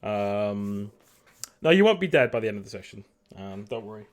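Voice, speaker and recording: A man's voice: fairly low pitch, big pitch swings, normal speed. Chatty male game master on voice chat. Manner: upbeat, chatty, laughs often. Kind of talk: running a tabletop game over voice chat.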